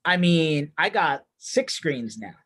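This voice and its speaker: A man's voice: on the high side, big pitch swings, slow, a bit bright. A man hosting a live show, bantering in an upbeat, casual way over a video call. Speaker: host. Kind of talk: casual chat.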